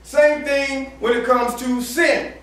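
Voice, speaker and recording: A man's voice: very high voice, little pitch movement, takes it slowly, fairly bright tone. A man preaching a sermon in a casual, slang-filled way, acting out little dialogues and laughing often. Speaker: campus minister preaching. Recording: echoey room from far off.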